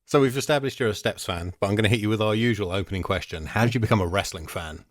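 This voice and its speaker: A man hosting a casual podcast, wry and quick to laugh as he leads the chat. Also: on the low side, dry recording, studio quality. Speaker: podcast host.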